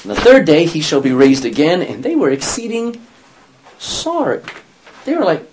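A man teaches scripture to a class in a lively, somewhat high voice that swings widely in pitch. He tosses questions to his listeners and slips into character voices for the quotes. A faint hiss sits under the recording. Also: normal speed. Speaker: Bible study teacher. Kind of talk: interactive Bible teaching.

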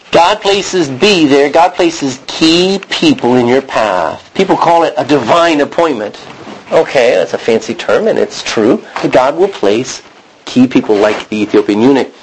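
A Texan man preaches a sermon, rambling through a personal story, restarting often and acting out what he said. His voice is medium-pitched, with slight background noise on a rough recording.

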